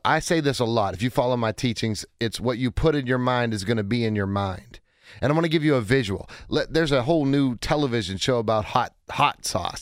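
Hoarse forties radio host, dry studio. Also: male voice, mid-range voice, no echo. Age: 40s. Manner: energetic, chatty, self-interrupting. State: hoarse, voice cracking. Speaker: radio talk show host. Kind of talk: call-in radio show monologue.

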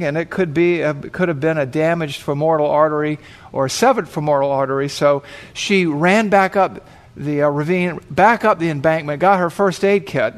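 Man, pastor, sermon story, lively voices for characters, slightly high voice. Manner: vivid storyteller acting out dialogue.

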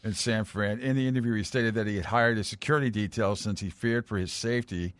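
A man's voice: fairly low pitch, fast talker, dry recording. A man co-hosting a sports radio show who teases his partner and reads out facts in casual banter. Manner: teasing, reads out facts plainly.

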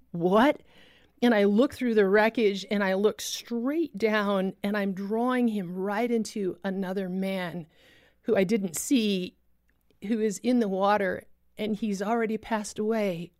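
A woman telling a dramatic faith testimony as a preacher, intense and vivid, dropping low and quiet at solemn moments. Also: steady tone, unhurried, no room sound, clean studio sound.

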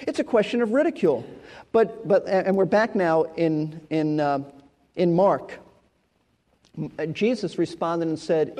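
A man's voice: high-pitched, normal speed, dark tone. A male pastor preaching an expository sermon, emphatic and repeating key words for stress. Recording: long hall reverb.

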